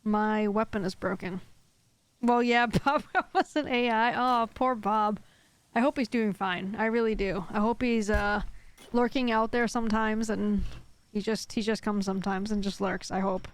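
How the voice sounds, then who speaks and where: During a live gaming stream, a woman with a medium-pitched, steady voice talks at a moderate pace. Her chatter is casual and rambling, heavy on filler words, and she responds to chat after reading it out.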